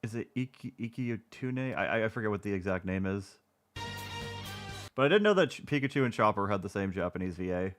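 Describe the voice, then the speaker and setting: A man's voice: fairly low pitch, expressive, brisk, soft background music. Sarcastic, swearing male streamer. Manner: sarcastic, mocking, profane. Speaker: streamer reacting to videos. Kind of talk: commentary over a video.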